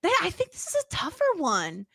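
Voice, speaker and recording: Animated woman podcast co-host. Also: high voice, fairly quick, vocal fry, breathy edge, no room sound, clean studio sound. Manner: animated, laughs often, self-deprecating. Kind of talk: casual chat.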